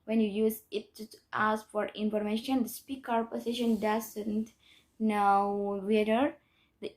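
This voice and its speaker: A woman's voice: medium pitch, darkish tone. A young woman, a student, reading a grammar lesson aloud in a careful, methodical way with small restarts. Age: young adult. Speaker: student presenter.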